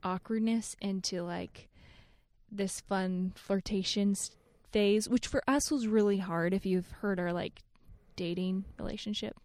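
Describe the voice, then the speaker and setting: Here is a young woman in casual conversation, laughing often as she tells her stories and scattering "like" through her sentences. Her voice sits at an ordinary pitch. It is recorded close and dry, with no room sound. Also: measured pace, no room sound. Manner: giggly, animated storytelling with many "like"s. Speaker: podcast co-host. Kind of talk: casual chat with spouse.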